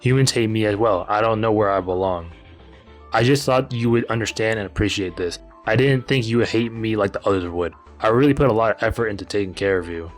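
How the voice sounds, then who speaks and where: A man reading aloud the lines of a kind, lonely young woman from a game, in a gentle, pleading way. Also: fairly low pitch, brisk, soft background music, lightly acted.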